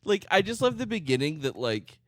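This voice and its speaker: A man's voice: high voice, big pitch swings, fairly quick, fairly bright tone, no room sound. A man co-hosting a podcast in casual, laid-back chat, swearing and full of fillers. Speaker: podcast co-host.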